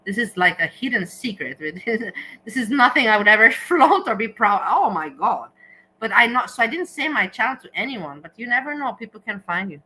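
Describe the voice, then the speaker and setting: A woman's voice: fairly high pitch, big pitch swings, normal speed, sharp tone, slightly rough, rough recording. A woman hosting a casual livestream, talking straight to her viewers and slipping in German words. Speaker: livestream host.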